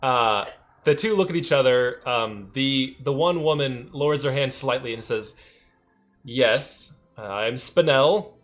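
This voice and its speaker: A man's voice: medium pitch, moderate pace, a bit bright, faint music behind. A man narrating a tabletop game as game master, hesitant and full of ums. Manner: hesitant, many ums and uhs.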